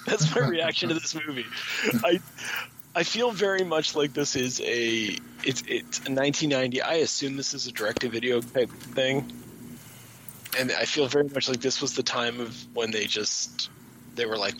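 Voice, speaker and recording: A man's voice: medium pitch, moderate pace, a bit bright, slight background noise, rough recording. A man co-hosting a podcast, giving movie opinions in a wry, incredulous way. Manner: wry and incredulous, with frequent laughs. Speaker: podcast co-host. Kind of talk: casual movie review chat.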